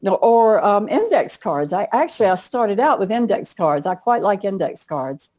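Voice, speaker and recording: A woman's voice: medium pitch, big pitch swings, moderate pace, a little mellow. A middle-aged woman, an author and coach, telling stories in a chatty way during an interview. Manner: chatty storyteller, laughs often. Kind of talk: casual interview conversation.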